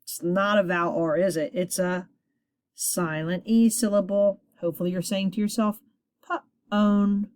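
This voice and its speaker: A woman teacher leading a children's reading lesson, encouraging her class and sounding words out slowly at a board. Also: lowish voice, fairly even intonation, a little mellow, dry recording, studio quality.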